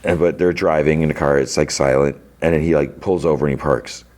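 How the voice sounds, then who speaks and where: Very deep-voiced man chatting casually. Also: steady tone, a little fast, a little mellow. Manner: rambling, filler-heavy, lots of "like". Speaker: podcast host. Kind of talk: casual recap chat.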